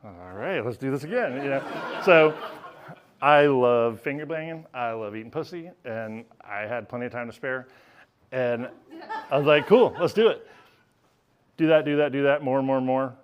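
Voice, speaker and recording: A man's voice: medium pitch, animated, normal speed, clean tone, lo-fi sound. A man telling a candid, self-mocking personal story on stage at a live storytelling event, laughing as he goes.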